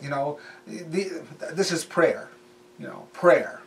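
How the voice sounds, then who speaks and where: A man's voice: fairly high pitch, takes it slowly, recorded from a distance. A man preaching in a casual, conversational way, repeating phrases for emphasis. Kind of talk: sermon.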